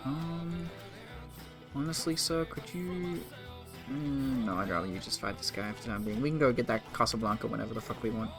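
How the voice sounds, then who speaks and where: A man's voice: medium pitch, a little fast, over music. A man in his twenties casually commenting on a strategy game during a live stream, rambling and swearing. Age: 20s. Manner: rambling, profane, joking with chat.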